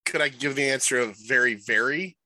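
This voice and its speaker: Bright-voiced joking man on a video call. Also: mid-range voice, low-quality recording. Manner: jokey, teasing, quick repeated yeahs. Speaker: guest, podcast host. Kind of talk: casual chat on a video call.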